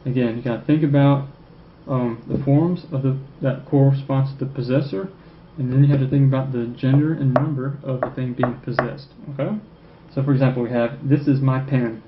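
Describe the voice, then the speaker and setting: A man's voice: mid-range voice, steady tone. Man teaching French in an echoey room. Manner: checks in with "okay?" constantly, repeats French phrases slowly. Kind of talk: recorded classroom lecture. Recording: echoey room, dull lo-fi sound, faint noise.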